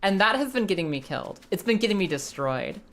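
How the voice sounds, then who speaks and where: A woman's voice: mid-range voice, big pitch swings, fast talker. A young woman casually chatting to her live chat while playing a game, swearing now and then. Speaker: streamer. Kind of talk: live gameplay commentary.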